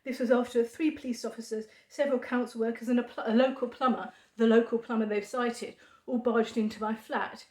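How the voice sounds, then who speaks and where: A woman talking to camera in a halting monologue of dry sarcasm, full of fillers. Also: fairly high pitch, fairly even intonation, darkish tone. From United Kingdom. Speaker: vlogger. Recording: echoey room.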